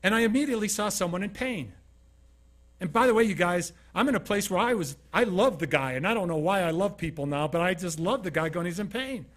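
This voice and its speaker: A man's voice: high-pitched, fairly quick, fairly bright tone. A man from Utah giving a motivational keynote talk, telling stories conversationally and asking the audience questions. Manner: conversational storytelling, asks the audience questions, acts out scenes. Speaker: keynote speaker.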